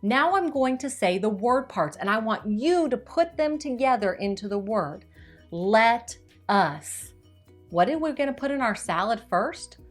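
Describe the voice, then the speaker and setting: A woman explains early reading skills to parents in a clear, upbeat teacherly voice. She slows right down to stretch and sound out words as she demonstrates. Quiet music plays faintly underneath. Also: on the high side, expressive. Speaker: teacher giving tips to parents. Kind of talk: instructional video.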